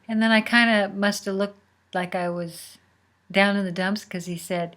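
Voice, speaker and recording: A woman host telling a personal story in a casual, unhurried way, sometimes dropping to a near whisper. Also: medium pitch, steady tone, fairly bright tone. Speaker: podcast host.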